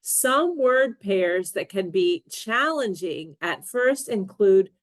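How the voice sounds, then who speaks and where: Slow careful lady teaching english sounds, says each word pair real clear, dry mic. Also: medium pitch, lively intonation, no echo. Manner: deliberate, models word pairs clearly. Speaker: pronunciation teacher. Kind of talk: slow scripted pronunciation lesson.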